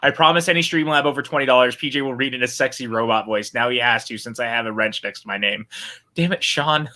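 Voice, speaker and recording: A man's voice: medium pitch, fast, sharp tone. A man co-hosting a casual movie watch-along stream, chatting and reading out viewer comments. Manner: chatty, reads viewer chat aloud. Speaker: podcast co-host.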